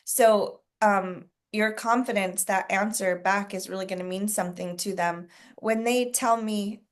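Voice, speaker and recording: A woman at a mid pitch hosts a coaching session. She leads the group with many questions and patient explanations. Her talk is plain and conversational. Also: steady tone, measured pace. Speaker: sales coach hosting a training call.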